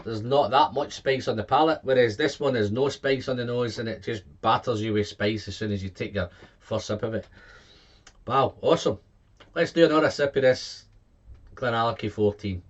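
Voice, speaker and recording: Guy doing a whisky tasting, gets all excited, rattles off notes, kinda dull lo-fi sound, middle pitch. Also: normal speed, breathy edge. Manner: excitable, lists tasting notes, repeats words and exclaims. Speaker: whisky reviewer. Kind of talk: casual tasting review.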